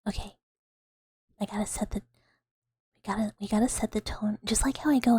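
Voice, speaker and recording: A woman streamer chatting in a soft ASMR whisper, rambling and giggling with many fillers. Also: medium pitch, steady tone, fairly quick, long pauses, husky, no echo, poor audio.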